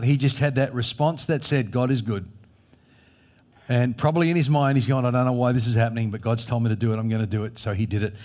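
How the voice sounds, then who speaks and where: A man's voice: medium pitch, darkish tone. A middle-aged man, preaching a sermon with strong emphasis and acting out the voices in the story. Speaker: pastor.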